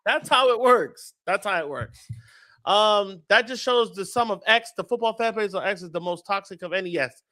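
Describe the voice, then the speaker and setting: This podcast host runs a casual fan-show chat in a high voice that carries a bright, forceful edge. Speaking at a moderate pace, he's animated and profane, riffing as he reads viewer comments aloud.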